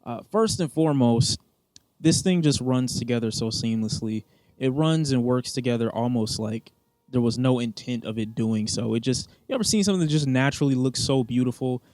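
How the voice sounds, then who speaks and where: A man's voice: medium pitch, a little fast, no room sound. Blunt, joking man reviewing songs. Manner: blunt, joking, swears freely, animated bursts. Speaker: music reviewer. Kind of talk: casual music review vlog.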